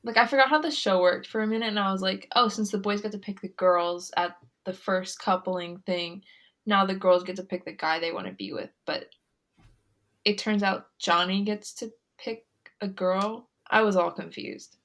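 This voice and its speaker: A woman's voice: medium pitch, normal speed, a bit bright. Giggly chatty young woman co-host. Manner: chatty, giggly, many "like" fillers. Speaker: podcast co-host. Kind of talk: casual chat recapping a reality show.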